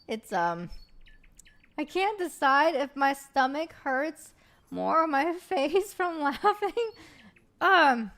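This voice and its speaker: A woman's voice: high-pitched, big pitch swings, takes it slowly, long pauses, fairly bright tone. A woman streamer in casual livestream chat who talks straight to her chat in a chatty, giggly way.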